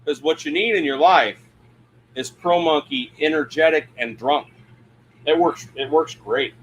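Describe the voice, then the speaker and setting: A man's voice: fairly high pitch, a little slow, fairly bright tone, a little hiss or hum. A man hosting a casual livestream from his camper, rambling, laughing at himself and reading chat comments aloud. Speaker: livestream host. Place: RV camper interior at a campground.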